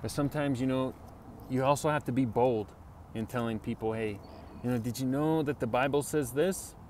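A man of ordinary pitch talks earnestly through a Bible lesson, loose and repetitive, often asking "right?" as he goes. It is a casual video sermon. Faint traffic and street noise sit under his voice. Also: moderate pace, darkish tone. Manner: earnest, repetitive, conversational, with many "you know" and "right?". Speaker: Bible teacher.

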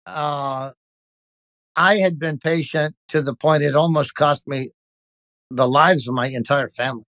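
A man's voice: on the high side, fairly bright tone, dry recording. A man, a pastor, telling a personal story in an interview, speaking intensely and emphatically with frequent restarts.

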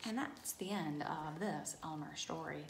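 A woman reading a picture book aloud to preschoolers, expressive and sometimes hushing to a whisper. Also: sits low, measured pace, gravelly, background noise. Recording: roomy echo.

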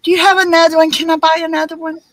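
A woman's voice: extremely high pitch, little pitch movement, rapid-fire, a bit bright, no room sound, rough recording. A woman with a Southern US accent chatting casually on a live stream, rambling with many ums and restarts. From Alabama, US.

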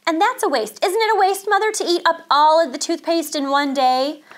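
A woman reading aloud voices a little girl who tattles on her brother, shrill and insistent. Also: sing-song, moderate pace.

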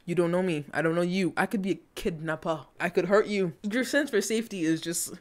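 A woman's voice: fairly low pitch, fairly quick. A young woman hosting a movie reaction, talking casually and animatedly, swinging between giggles and indignant rants.

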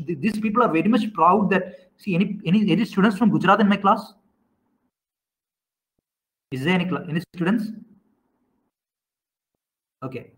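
A man teaching an online class, quizzing students and often repeating himself with halting restarts. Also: sits high, low-quality recording.

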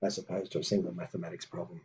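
A man teaching a language lesson on video, explaining patiently with many fillers and reading example phrases slowly. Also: sits low, little pitch movement, a little mellow, slight background noise.

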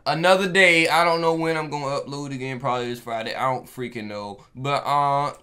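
A young man giving casual gameplay commentary, loud and excitable, yelling at the game and swearing freely in slang. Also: mid-range voice, a little fast, smooth. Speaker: gaming YouTuber.

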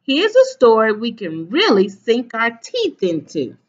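A woman's voice: fairly high pitch, wildly swooping pitch, unhurried, heavily acted. A woman voicing a cheerful, patient fish schoolteacher with a sing-song manner. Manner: bright, sing-song greeting. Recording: slightly dull webcam audio.

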